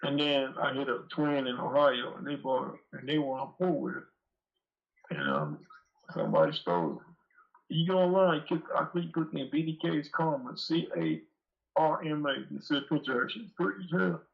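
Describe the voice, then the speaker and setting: Guest: man with a raised, gravelly voice. Rambling, profane storyteller, heard on dull lo-fi audio. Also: on the high side, animated, normal speed. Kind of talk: casual storytelling interview.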